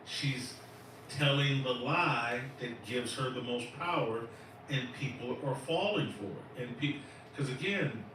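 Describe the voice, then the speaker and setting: A middle-aged man as a guest in a commentary chat, speaking bluntly and with measured dismissiveness. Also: mid-range voice, heavy reverb, recorded from a distance, background noise.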